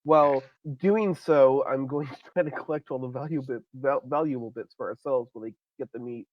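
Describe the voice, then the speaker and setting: A man speaks as a player in a tabletop role-playing game, his talk full of hesitant restarts. His voice sits at an ordinary pitch, and the recording sounds dull, lo-fi and dry. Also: brisk, no room sound.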